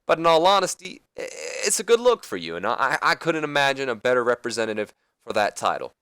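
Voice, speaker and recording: A smooth-talking veteran wrestler, put on by a man, pitching his voice up high to coax and persuade. The delivery is showy and salesman-like. The sound is close and dry. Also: big pitch swings, fast talker, fairly bright tone, no room sound. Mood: persuasive.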